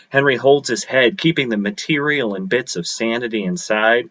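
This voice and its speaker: A man reading his own short story aloud at an open mic, with a steady, measured delivery. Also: mid-range voice. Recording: dull lo-fi livestream audio.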